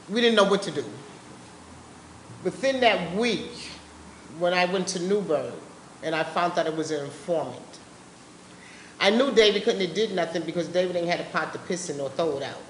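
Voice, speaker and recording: A woman giving personal testimony as a speaker at a public forum, talking in a blunt, impassioned, colloquial way. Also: sits low. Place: meeting room at a live public event. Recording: roomy live-event recording with faint background noise.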